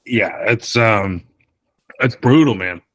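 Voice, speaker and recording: A man's voice: fairly low pitch, takes it slowly, fairly bright tone. A man in his thirties hosting a podcast, rambling loosely in a casual chat over beers with some swearing. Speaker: podcast host.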